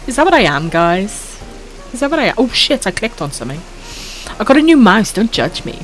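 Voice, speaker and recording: Faint music plays behind this Welsh streamer in her thirties, whose mid-range voice is very animated and fairly quick. Chatting casually late at night, she's foul-mouthed but affectionate, giggling, reading chat out and using pet names for viewers.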